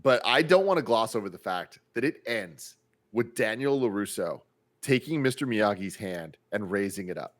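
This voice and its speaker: A man's voice: on the low side, lively intonation. Enthusiastic jokey man, podcast co-host. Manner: enthusiastic, jokey, quick to laugh. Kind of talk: casual chat.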